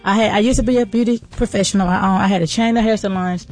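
A woman delivers a motivational faith-based talk at a brisk clip. Her delivery is casual and folksy, rising into fervent, preacher-like encouragement. Faint music plays beneath her voice. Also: medium pitch, steady tone, a little mellow. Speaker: podcast host and entrepreneur.

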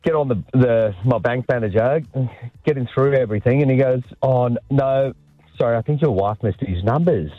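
A man's voice: mid-range voice, normal speed, no room sound, faint music behind. An Australian man calling in to a radio show, telling a rambling story in a laid-back way. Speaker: caller. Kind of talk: casual phone-in chat. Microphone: phone. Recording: tinny phone line, dry.

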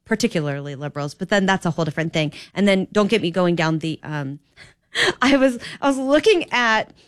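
A woman filling in as a talk radio host, chatting in an opinionated, animated monologue that climbs to emphatic indignation. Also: on the low side, dry recording, clean studio sound. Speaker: fill-in radio show host.

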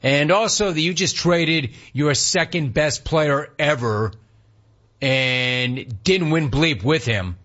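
A man's voice: a little high, takes it slowly, fairly bright tone. A man hosting a sports talk show, ranting with rhetorical questions and reading out chat comments. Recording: dull lo-fi sound.

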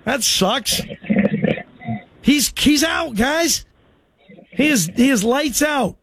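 A man hosting a call-in sports radio show, talking in loose, excitable, joking banter. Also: extremely high pitch, slow pace, dry recording.

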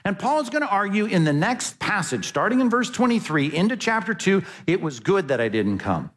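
A man's voice: high voice, big pitch swings, normal speed, fairly bright tone. A man preaching an expository sermon as a pastor, talking conversationally and often asking the congregation questions. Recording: long hall reverb.

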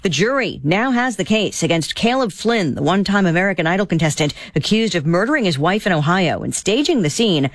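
A woman anchoring a radio newscast, reading headlines in a brisk, clipped delivery into a studio microphone. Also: mid-range voice, no room sound. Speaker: news anchor.

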